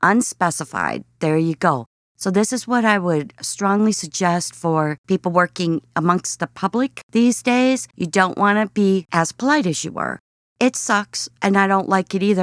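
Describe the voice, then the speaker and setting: A woman's voice: on the low side, dry recording, studio quality. A woman talking casually to viewers, giving earnest, slightly weary advice about work. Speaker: vlogger.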